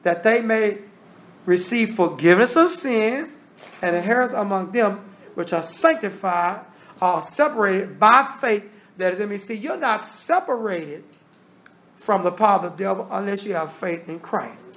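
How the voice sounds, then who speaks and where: A man's voice: high voice, expressive, moderate pace, fairly bright tone. A man teaching a Bible study. He reads scripture aloud and explains it in plain, casual talk. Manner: casual Southern American grammar.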